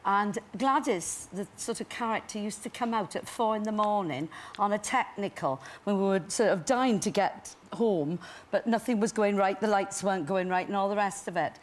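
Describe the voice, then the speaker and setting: A woman's voice: medium pitch, moderate pace, hardly any pauses, slight background noise. An older woman, a guest actress on a chat show, telling stories with laughter and acting out voices. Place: TV studio.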